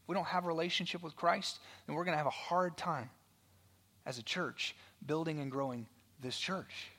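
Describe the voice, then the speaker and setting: A male pastor preaching a sermon, telling a story in a conversational way with frequent "right?" asides, swinging from loud storytelling to a hushed near-whisper. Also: a little high, steady tone, moderate pace.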